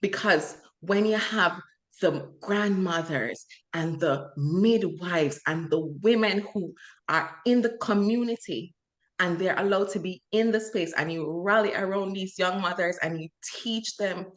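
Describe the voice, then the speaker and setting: A woman's voice: mid-range voice, a little slow. Young woman co-host, earnest and impassioned, casual talk. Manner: earnest, impassioned, many fillers. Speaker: podcast co-host. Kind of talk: casual chat.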